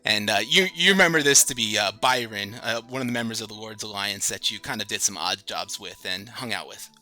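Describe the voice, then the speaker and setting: A man's voice: lowish voice, brisk, pushed and bright, soft background music. A man narrating a tabletop game as dungeon master in a casual, rambling way with many fillers.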